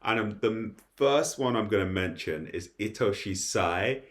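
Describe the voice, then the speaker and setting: Excitable young man, fairly low voice. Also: moderate pace. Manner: excitable, rambling, laughs often. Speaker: anime reviewer. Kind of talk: casual episode review.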